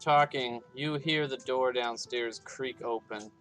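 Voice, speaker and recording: A man narrating a tabletop game as game master, taking his time, unhurried and halting. Each line drags out with fillers, and soft background music sits beneath it. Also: medium pitch, steady tone.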